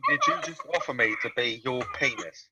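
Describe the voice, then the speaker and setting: A man's voice: mid-range voice, brisk. Joking non-American man on a noisy call. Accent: non-American, British-sounding. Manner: joking, mock-indignant. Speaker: caller. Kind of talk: casual chat.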